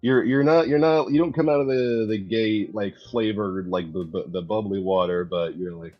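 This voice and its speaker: A man with a somewhat low voice chats casually on a stream, stumbling and restarting as he hunts for the right word. His sound is dull and lo-fi. Faint guitar music plays underneath. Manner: halting, restarts often, searches for words. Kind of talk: casual chat.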